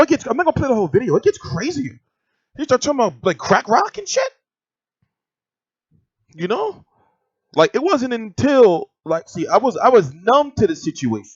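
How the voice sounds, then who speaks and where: A man's voice: high-pitched, no room sound. A man telling a story in casual, profane, rambling vlog commentary. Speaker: boxing vlogger. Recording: dry, slightly dull lo-fi sound.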